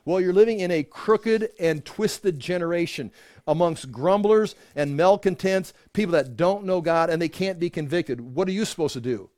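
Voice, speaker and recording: A man's voice: sits high, moderate pace, darkish tone, no echo, studio quality. A man leading an informal Bible study for a small group, talking conversationally with many restarts and the odd chuckle.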